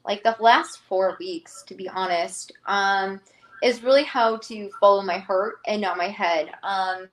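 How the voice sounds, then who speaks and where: A woman entrepreneur speaking as an interview guest, thoughtful and sincere, often pausing with "um" and "like". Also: medium pitch. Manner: thoughtful, with frequent ums and likes. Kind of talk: reflective interview talk. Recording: echoey room.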